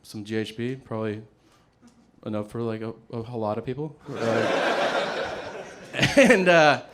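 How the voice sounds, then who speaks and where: A man's voice: mid-range voice, unhurried, fairly bright tone, slight background noise. A man telling a story in a stand-up comedy set, casual and profane, often laughing as he talks.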